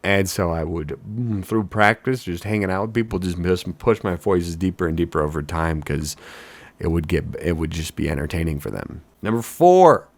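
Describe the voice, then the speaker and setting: Deep-voiced man, mock-boastful vlogger. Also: fairly even intonation, normal speed, no room sound. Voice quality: deep announcer voice. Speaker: wedding DJ and hobby voice actor. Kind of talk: casual self-mocking vlog talk.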